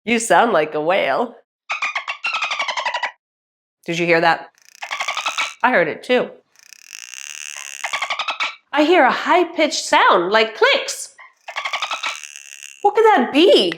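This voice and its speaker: A woman teaching songs to young children, playful and exaggerated, with a slow sing-song delivery. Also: on the high side, very animated, noisy background. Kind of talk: singsong preschool lesson.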